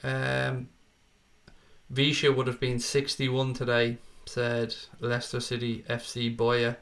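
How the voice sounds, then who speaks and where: A young man hosts a football fan stream in a bright, forceful, yet gravelly mid-range voice, delivering it slowly and completely flat. He reads viewer comments aloud in an easy, chatty way, calling everyone mate or pal, and his informal style sounds like a live stream.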